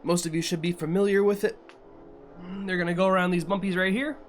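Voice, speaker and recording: A man's voice: high voice, fairly even intonation, a little fast, slight background noise. A young adult man hosting a live stream, commentating an event in a casual style and bantering jokingly with chat. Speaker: livestream host and event commentator.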